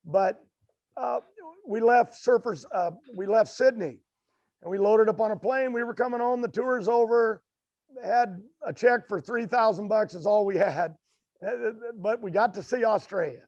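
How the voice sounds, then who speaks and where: An older American man, a racing guest, telling stories in a halting, rambling way with many fillers and restarts. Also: high-pitched, darkish tone, no echo, muffled recording. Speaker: guest, drag racer. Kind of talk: storytelling interview.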